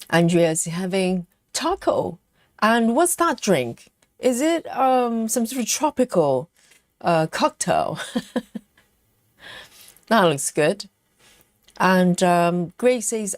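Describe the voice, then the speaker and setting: Chatting casually on her craft livestream, a cross-stitch host reads viewers' comments aloud and muses through lots of ums. She has a mid-range voice, captured in studio quality with no echo.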